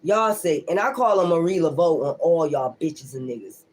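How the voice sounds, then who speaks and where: A woman's voice: low-pitched, animated, normal speed, darkish tone. Blunt, profane woman ranting on a stream. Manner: defiant, repeats her points. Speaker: tarot reader. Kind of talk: casual ranting livestream.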